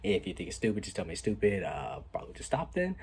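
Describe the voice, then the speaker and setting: A young man casually telling a story on his vlog, animated and laid-back, with a lot of "like" and some swearing. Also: fairly low pitch, fast, vocal fry, husky. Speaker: vlogger.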